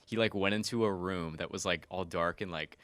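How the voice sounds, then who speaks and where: Low-voiced young man chatting casually. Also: a little fast, a bit bright. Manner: rambling, filler-heavy storytelling. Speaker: podcast co-host. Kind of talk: casual chat.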